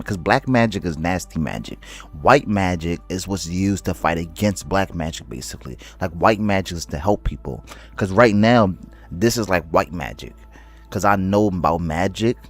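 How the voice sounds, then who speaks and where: Casual male streamer, very low voice, slangy and excitable, stutters and restarts his words. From United States. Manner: loose slangy talk, calls viewers bro. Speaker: livestreamer. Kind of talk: casual livestream chat, reading viewer comments.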